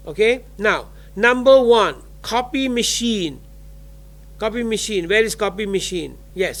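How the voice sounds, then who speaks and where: High-voiced man teaching vocabulary. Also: fairly bright tone. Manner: mixes English and Thai, drills vocabulary aloud. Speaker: university English teacher. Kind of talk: classroom lecture.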